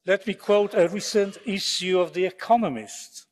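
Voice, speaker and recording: A man delivers a formal parliamentary speech, sharp and sarcastic in its jabs. His voice sits somewhat high for a man. It carries the long echo of a large debating chamber. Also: normal speed. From Poland. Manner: sarcastic, combative oratory. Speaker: member of parliament. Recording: long reverb of a large hall.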